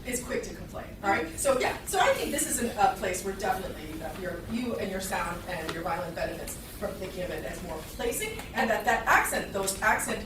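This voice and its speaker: Heard from a distance in an echoey concert hall, a woman coaches violinists in a live master class before an audience, friendly and talkative, singing phrases to model them. Her mid-range voice is animated and brisk with few pauses, against a noisy background of violin playing.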